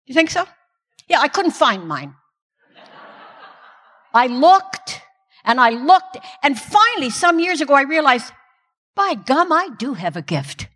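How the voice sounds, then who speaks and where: An older woman speaks to a gathering with a self-deprecating, comic delivery. She has a slightly high voice. The sound carries a long reverb from a large hall. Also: big pitch swings, a little slow, long pauses, a bit bright. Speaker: Christian speaker. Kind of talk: humorous inspirational talk.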